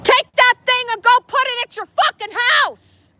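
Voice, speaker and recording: A woman's voice: very high-pitched, moderate pace, pushed and bright, slight background noise. A woman filming police on a city street, heckling them in a profane, sarcastic way.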